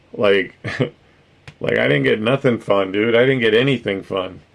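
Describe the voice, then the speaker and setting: A man with a gravelly, lowish voice and slow pace chats casually with stream viewers, rambling, swearing freely, and laughing frequently. There's no particular accent to his speech.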